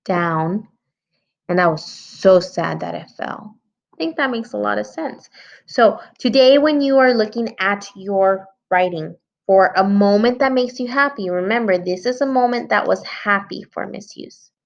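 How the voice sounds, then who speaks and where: Here a woman teacher, mid-range and creaky at an ordinary speed, gives young children an early-grade writing lesson. She edits her story and patiently talks through her thinking, on a somewhat dull lo-fi recording.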